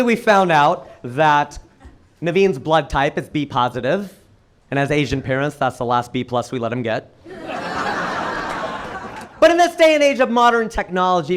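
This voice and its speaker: A male stand-up comedian from Cincinnati performing on a live stage with a handheld mic, delivering punchy jokes and rhetorical questions in an animated way. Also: a little high. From Cincinnati, United States.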